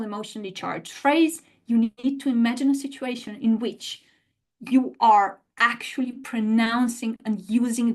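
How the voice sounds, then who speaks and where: A woman teaching an online language lesson, explaining in a lively way and often rephrasing and repeating her points. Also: fairly high pitch.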